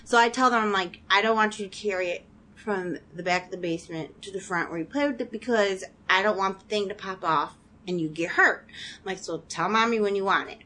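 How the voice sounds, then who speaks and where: A woman in her thirties, a mother, casually telling a funny story about a mishap with a relaxed, laughing manner. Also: mid-range voice, fairly quick.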